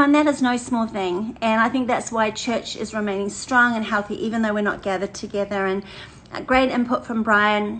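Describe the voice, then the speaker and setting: An older woman, chatting warmly and energetically to a women's church group, laughing often and repeating phrases. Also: mid-range voice, slight background noise, rough recording. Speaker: women's ministry leader. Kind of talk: casual livestream chat to a women's group.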